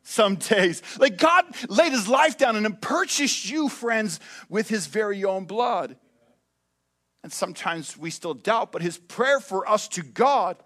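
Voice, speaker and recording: Male pastor, high voice, preaching with big swings from emphatic to hushed. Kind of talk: sermon.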